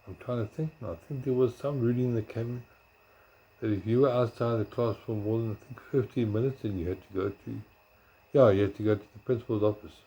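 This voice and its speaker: A man telling stories from his school days in a rambling, casual way. He corrects himself and searches his memory aloud, sometimes talking softly. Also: mid-range voice, steady tone, brisk, breathy edge, low-quality recording. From South Africa. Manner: talks softly at times. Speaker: blogger. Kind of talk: casual storytelling.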